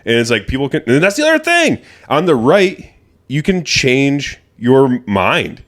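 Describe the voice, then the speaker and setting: A man's voice: mid-range voice, big pitch swings, measured pace, a bit bright. A man co-hosting a podcast in casual political chat, talking emphatically and swearing freely. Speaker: podcast co-host.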